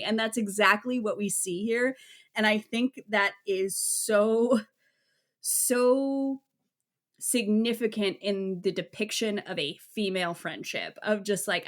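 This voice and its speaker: A woman's voice: a little high, a little slow, a bit bright. A woman talking as a podcast guest, enthusiastic and frank, swearing casually in easygoing chat. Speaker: guest film critic.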